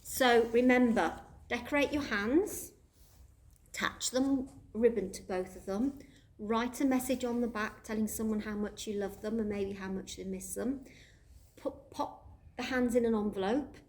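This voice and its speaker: A woman leading a church toddler group, speaking gently in simple words to small children. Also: fairly high pitch, measured pace. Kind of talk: children's worship session.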